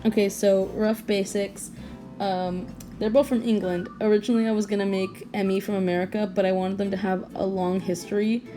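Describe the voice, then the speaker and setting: A young woman talks in a loose, rambling way, tripping over her own sentences and breaking into giggles. Her voice is mellow and rounded, at an ordinary pitch. Faint music plays softly behind her. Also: flat delivery, a little fast. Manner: rambling, self-interrupting, giggly. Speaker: artist vlogger. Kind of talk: casual late-night rambling.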